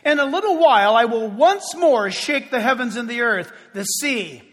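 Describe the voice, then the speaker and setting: A man preaching a fervent sermon as pastor, with sudden shouts and slow drawn-out phrases. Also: very high voice, animated. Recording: long hall reverb.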